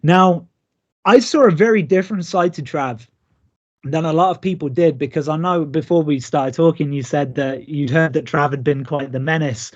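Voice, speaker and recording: Speaking at a moderate pace, this guest, a male pro wrestler in his thirties, tells ring stories in a remote interview, acting out quoted lines with lively energy. His slightly high voice comes through dull and lo-fi, as on a call recording.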